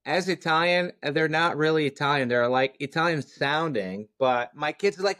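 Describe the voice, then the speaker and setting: A man chatting as a podcast guest, relaxed and laughing between his words. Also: a little high, moderate pace, hardly any pauses, no echo. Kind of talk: casual podcast chat.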